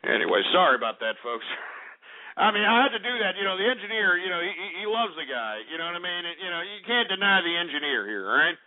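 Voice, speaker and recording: Brash high-voiced talk radio host. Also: male voice, very animated, fast. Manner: brash, insulting, rambling with many fillers. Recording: tinny phone-like radio sound.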